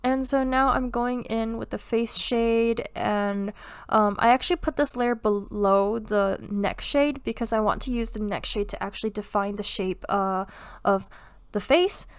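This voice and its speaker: A woman's voice: on the high side, unhurried, clean tone, no room sound. A young woman with a congested voice casually talking through her drawing process, rambling with lots of fillers and little laughs. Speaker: art youtuber. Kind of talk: casual drawing tutorial commentary.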